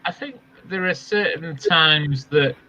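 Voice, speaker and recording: A man's voice: a little high, slow pace, sharp tone, slight background noise. A man co-hosting a casual live-stream chat, easygoing and rambling, often losing his train of thought. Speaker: co-host. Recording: dull lo-fi stream audio.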